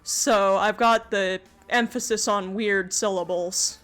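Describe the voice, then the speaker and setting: A Canadian woman streamer chatting casually over a text adventure game, with excitable, self-mocking asides and the odd swear. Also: medium pitch, takes it slowly, faint music behind. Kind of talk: casual gaming stream chat.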